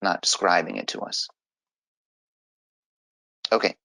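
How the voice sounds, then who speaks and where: A man's voice: low voice, sing-song, slow pace, gravelly, pushed and bright, dry recording, low-quality recording. A man teaching an online grammar lesson, explaining step by step in a patient way.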